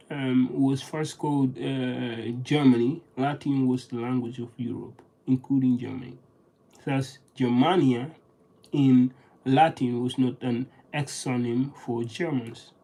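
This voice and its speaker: A person in a casual solo monologue, reading aloud and practicing vocabulary. They talk haltingly, restarting often and sounding out words while thinking aloud. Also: mid-range voice, mellow, poor audio.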